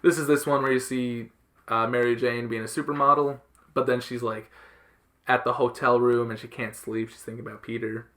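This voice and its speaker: Bright-voiced young podcast host. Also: male voice, mid-range voice, little pitch movement, moderate pace. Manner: loose rambling retelling, many fillers. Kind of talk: casual chat.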